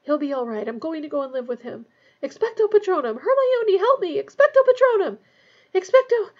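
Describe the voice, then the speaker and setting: A woman voicing a brave teenage boy wizard who shouts spells in panic. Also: high-pitched, big pitch swings, quick pace, highs cut off, voice pushed up. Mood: earnest pleading.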